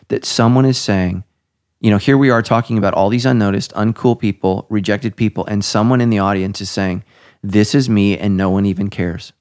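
A man's voice: fairly low pitch, a little mellow. A middle-aged man, a pastor hosting a podcast, talking casually and emphatically, his voice jumping up to stress points.

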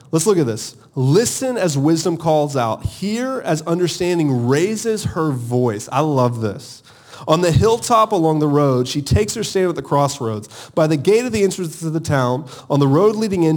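A married man preaching a sermon with energy, calling on his congregation to answer back. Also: fairly high pitch. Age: adult, married. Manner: energetic, calls for audience responses. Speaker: pastor.

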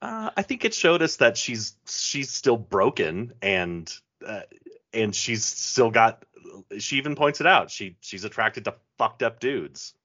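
Hesitant man with a lively pitch. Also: a little slow. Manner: hesitant, thinking aloud. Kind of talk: casual movie discussion. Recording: dull lo-fi sound.

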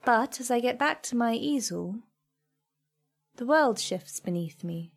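A woman reading a first-person story aloud in a soft, measured, reflective way. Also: on the high side, lively intonation, breathy edge. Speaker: narrator.

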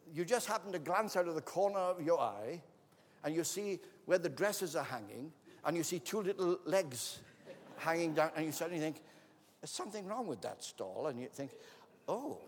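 A man preaching a sermon in an auditorium, telling a story dramatically, acting out the voices and building to shouts. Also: fairly high pitch. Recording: long hall reverb.

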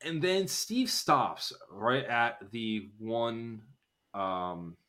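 A man co-hosting a podcast in casual chat, rambling through an episode recap and acting out characters' lines in quick bursts. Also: mid-range voice, animated, sharp tone. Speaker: podcast co-host.

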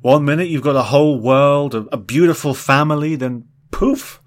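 A man's voice: a little high, normal speed, voice pushed up, lightly acted. A man voicing a drunk, weepy middle-aged former space explorer who rambles drowsily with slurred speech. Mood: mournful.

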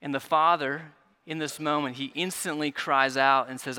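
Male pastor, higher voice with a bright edge, earnest sermon delivery that dips soft and swells. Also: steady tone, normal speed, clear, resonant tone. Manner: earnest, stumbling repetitions, drops soft then rises.

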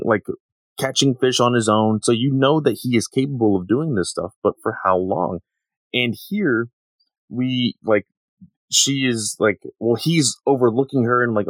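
A man co-hosting a podcast, recapping a manga chapter in a relaxed way with lots of fillers. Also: mid-range voice, no echo. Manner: relaxed, many fillers, plays out quotes. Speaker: podcast co-host. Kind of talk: casual manga discussion.

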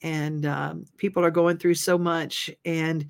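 Local talk host, earnest, a bit of vocal fry, mid pitch. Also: flat delivery. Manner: earnest, slows down to stress points. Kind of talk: local talk show segment.

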